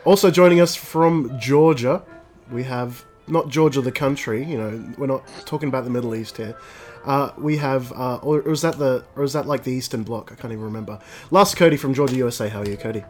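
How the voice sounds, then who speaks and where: A man's voice: mid-range voice, a little fast, darkish tone, soft background music. Stumbling Australian man hosting. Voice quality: rambling, repeats and stumbles over words. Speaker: podcast host. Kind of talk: casual gaming podcast chat.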